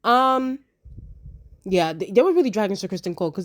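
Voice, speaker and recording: A woman's voice: mid-range voice, lively intonation, fairly quick, long pauses. A woman chatting casually as she reviews a TV episode, slangy and repeating lines for emphasis. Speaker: TV show reviewer.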